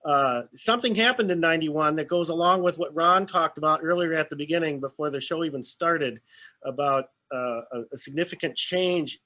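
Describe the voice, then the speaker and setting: Man, very high voice, bright tone, casual host, retells stories. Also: fairly quick. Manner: laughs often, prompts and retells stories. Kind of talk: casual panel talk.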